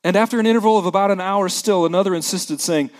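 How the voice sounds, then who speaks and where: A man delivers a sermon from the pulpit, his voice sitting a little high for a man. He reads scripture dramatically, putting on voices for the characters, then drops to a hushed tone for the somber moments. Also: quick pace. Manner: animated preacher who acts out scripture voices, dropping soft for somber moments. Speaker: pastor.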